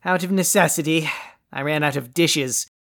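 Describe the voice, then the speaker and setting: A woman's voice: low-pitched, normal speed, a bit bright. A woman playing a pompous, greedy, deposed male overlord in a comedy audio play, with a grandiose, haughty delivery. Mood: smug. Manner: grandiose, haughty and theatrically dry.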